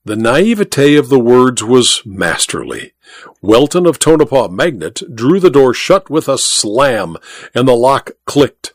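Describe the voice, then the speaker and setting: An audiobook narrator, male, reads a scripted story in a measured, expressive way. His pitch is medium, and the studio-quality recording has no echo.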